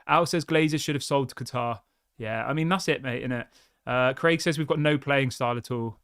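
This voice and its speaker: The host of a football channel, speaking a little fast in a clean, mid-range, slightly bright voice, goes through viewer comments aloud and answers with blunt, exasperated, chatty opinions peppered with "mate." The studio recording is clean, without echo.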